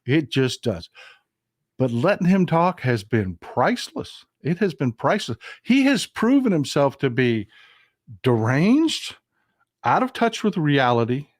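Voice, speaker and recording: A man's voice: on the high side, big pitch swings, a little slow, no room sound, clean studio sound. A man with a Southern American accent hosting a casual political live stream, talking in a folksy, emphatic way and answering his chat.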